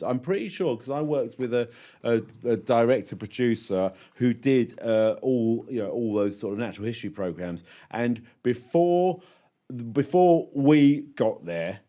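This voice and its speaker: A man's voice: mid-range voice, mellow. A man co-hosting a gardening podcast, chatting casually and teasing his co-host with jokes. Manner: jokey, teasing, laughs often.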